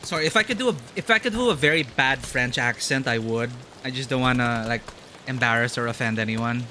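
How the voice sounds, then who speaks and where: A man streaming a horror game, chatting excitedly and laughing often as he plays. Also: medium pitch, fairly quick, slight background noise. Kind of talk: live gameplay commentary.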